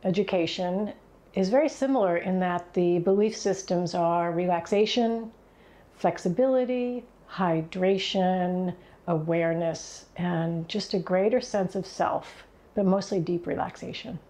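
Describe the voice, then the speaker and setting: A woman who teaches yoga and vision, calmly guiding a relaxation in an interview. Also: lowish voice, measured pace. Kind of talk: instructional interview.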